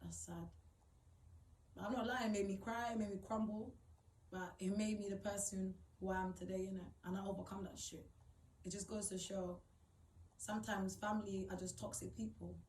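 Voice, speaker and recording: A woman's voice: mid-range voice, flat delivery, a little fast, a little mellow, echoey room, recorded from a distance, slight background noise, poor audio. A young woman telling a personal story to camera, blunt and swearing, rising to indignant outbursts. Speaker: vlogger.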